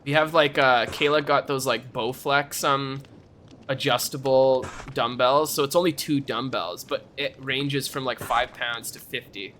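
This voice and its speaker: A man's voice: medium pitch, fairly even intonation, measured pace, bright, forceful tone, a little hiss or hum. A young man streaming live, chatting casually and ranting animatedly, often breaking into laughter. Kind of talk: casual chat.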